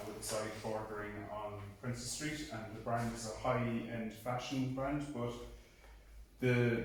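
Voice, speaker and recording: A man talks through a class presentation in a low, level voice, stopping often on ums and uhs. He is picked up from a distance in a large, very echoey room, with a faint hiss underneath. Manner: hesitant, many ums and uhs. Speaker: design student presenter. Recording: very echoey room, mic far off, faint noise.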